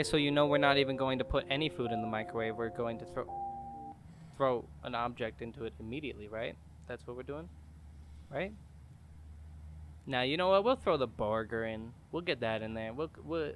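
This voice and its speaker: A man's voice: medium pitch, a little fast, fairly bright tone, slight background noise. A young man making jokey let's-play commentary on a horror game, talking back to the game. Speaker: gaming YouTuber.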